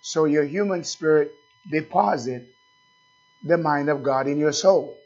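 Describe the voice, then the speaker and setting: A man preaching a sermon as pastor, speaking slowly and asking the congregation questions again and again. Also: fairly high pitch, a little mellow, highs cut off.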